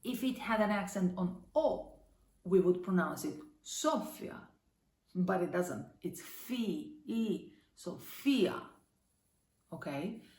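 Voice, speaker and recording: A woman teaching a language lesson online, upbeat and encouraging, saying each word slowly and carefully. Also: on the low side, expressive, a little mellow, echoey room.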